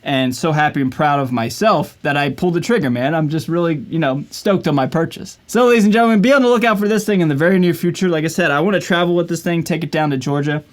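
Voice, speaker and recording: A man's voice: on the high side, fast talker, hardly any pauses. A man talking casually to the camera at home in a vlog, upbeat and chatty and filling his talk with "man" and "like". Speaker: vlogger and guitarist. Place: at home in his usual filming spot.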